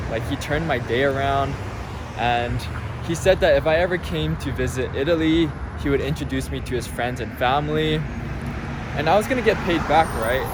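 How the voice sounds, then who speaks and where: A man casually telling a personal story to camera outdoors by a city street, chatty and full of filler words. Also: medium pitch. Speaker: vlogger. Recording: noisy outdoor street traffic. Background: passing cars.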